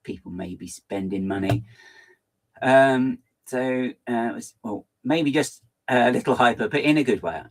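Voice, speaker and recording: A man hosting a live stream, chatting in a fast, hyper, rambling way while he reads out viewer comments. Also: medium pitch, slight background noise.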